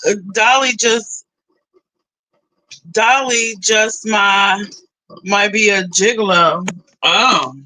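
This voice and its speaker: A young woman live streamer in casual chat, animated and talkative, switching between low mutters and loud outbursts. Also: slow, long pauses, poor audio. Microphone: phone.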